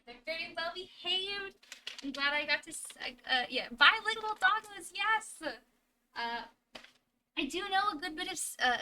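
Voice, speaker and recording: A woman's voice: sits high, pushed and bright, slight background noise. A woman live streamer from home, chatting casually with viewers in a chatty way full of fillers and restarts.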